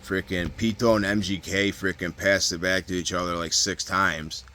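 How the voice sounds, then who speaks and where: A man with a deep, low-pitched voice and a bright, forceful edge tells a story in a loose, casual monologue. He rambles, restarts his sentences and leans on fillers and swearing throughout. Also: fairly even intonation, moderate pace. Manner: rambling, heavy fillers and profanity, frequent restarts. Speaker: vlogger recounting prison stories.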